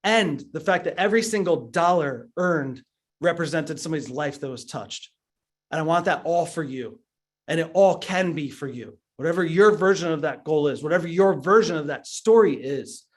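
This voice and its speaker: A man in his thirties giving an earnest motivational talk as a business trainer, telling his story with frequent stammered restarts. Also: on the high side.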